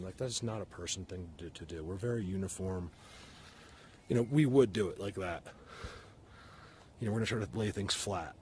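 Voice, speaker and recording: A man filming an outdoor vlog on a mountainside, talking to his viewers excitedly and out of breath. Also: fairly low pitch, a little hiss or hum. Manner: animated, talks to viewers while filming. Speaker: vlogger.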